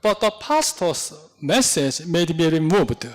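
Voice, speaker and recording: A man's voice: on the high side, sing-song, a little slow. Man preaching, bouncy intonation, takes his time, telling a story in english. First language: Korean. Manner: storytelling with non-native English phrasing. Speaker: pastor. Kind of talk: sermon.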